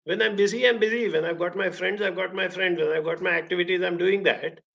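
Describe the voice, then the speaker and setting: An exasperated young husband complains in a raised, strained voice, as a man acts him out. The voice is gravelly and the recording is muffled and lo-fi. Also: high voice, fairly even intonation, fast talker, a bit bright, voice pushed up. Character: baffled frustrated young husband.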